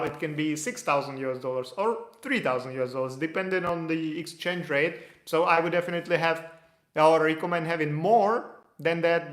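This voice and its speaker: A man with a fairly high, fairly bright voice fields viewer questions on a relaxed livestream, explaining things loosely and restarting at times. The audio is reverberant.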